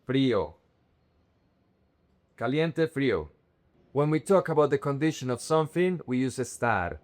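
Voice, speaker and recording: A young man teaches vocabulary at an unhurried pace. He says each word slowly and carefully, then repeats it in drills. His voice sits at an ordinary middle pitch. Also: sing-song, a little mellow. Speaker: Spanish teacher. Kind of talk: vocabulary lesson to camera.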